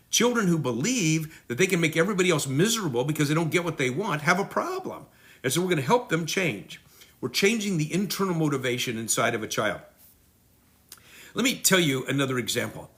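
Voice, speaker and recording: A middle-aged man giving a parenting lesson, acting out children and parents in quick voices. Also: a little high, pushed and bright. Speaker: parenting teacher. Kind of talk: teaching talk.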